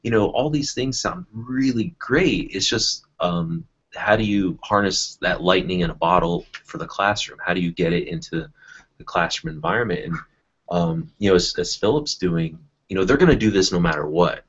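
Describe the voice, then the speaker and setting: A man with a very low, husky voice talks things through slowly, full of fillers and small restarts. The sound is dull and lo-fi, like an online call. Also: fairly bright tone. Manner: thoughtful, many fillers and restarts. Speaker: educator in a panel discussion. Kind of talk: casual discussion.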